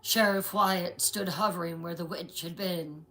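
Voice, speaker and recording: A woman narrating a horror story in a slow, dramatic scripted style. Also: lowish voice, steady tone, pushed and bright, soft background music, low-quality recording.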